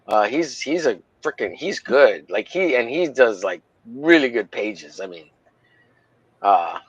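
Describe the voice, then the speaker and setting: A man's voice: mid-range voice, big pitch swings, unhurried, husky, no echo, low-quality recording. A man hosting a casual drawing livestream, rambling and joking, with profane banter. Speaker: livestream host, comic artist.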